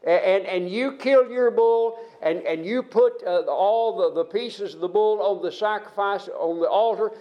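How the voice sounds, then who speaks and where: A man's voice: sits high, a little slow, hardly any pauses, lo-fi sound. An older man preaching a sermon, retelling Bible stories in a folksy way with frequent restarts.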